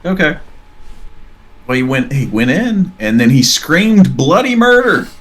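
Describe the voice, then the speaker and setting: A man's voice: on the high side, sing-song, a little slow, fairly bright tone. A man telling a long, rambling story in casual podcast chat, acting out the dialogue as he goes. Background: faint background music.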